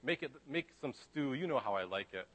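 A man's voice: mid-range voice, lively intonation, fairly quick, fairly bright tone. A man voicing an old, half-blind father giving solemn instructions in his own everyday voice. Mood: instructing. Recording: reverberant hall.

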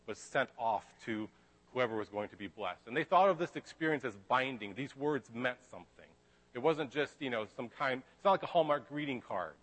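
A man preaching in a relaxed, conversational manner, retelling a story with lots of asides. His voice sits at an ordinary middle pitch. A long reverb from the hall hangs behind every phrase. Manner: casual, chatty storytelling with asides.

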